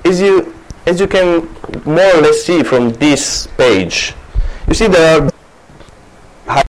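A man's voice: fairly high pitch, expressive, takes it slowly, low-quality recording. A man with an Italian accent giving a university classics lecture, rambling with many restarts, self-corrections and small laughs.

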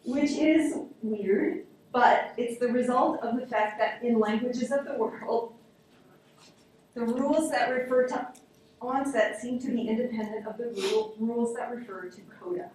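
A woman's voice: on the high side, steady tone, normal speed, darkish tone, a little hiss or hum. A woman teaching a linguistics class, explaining ideas and answering student questions. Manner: explanatory, answers questions, repeats examples aloud. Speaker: linguistics instructor. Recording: echoey classroom captured from a distance.

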